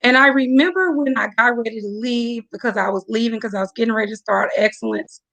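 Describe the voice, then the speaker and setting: A woman from Tennessee hosts an emotional live-stream announcement over a video call. Her voice sits a little high, with a gravelly edge to it. She talks effusively and calls her viewers "y'all.". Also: quick pace, a bit bright, no echo. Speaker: host announcing her new venture.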